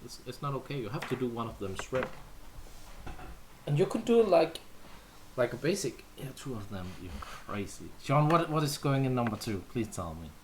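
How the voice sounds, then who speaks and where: A man's voice: medium pitch, animated, fairly quick, few pauses, a bit bright, a little hiss or hum. A Danish man, whose first language is Danish, chatting casually with viewers as a livestream host, playful and full of fillers. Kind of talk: casual chat answering viewers.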